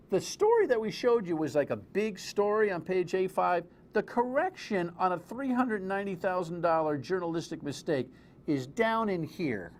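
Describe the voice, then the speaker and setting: A man hosting a live TV political talk show, animated and exclamatory, full of rambling asides. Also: on the high side, a little hiss or hum.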